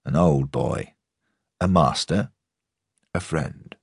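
A man's voice: very deep voice, slow, creaky, breathy edge, no echo, clean studio sound, full character voice. A man voicing a stern, towering headmaster giving a solemn, declaiming address. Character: towering stern headmaster, commanding, a bit of a ham.

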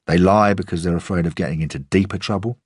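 Brief: male narrator, deep and husky, dry close-miked read of first-person crime fiction. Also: fast, no room sound. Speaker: audiobook narrator.

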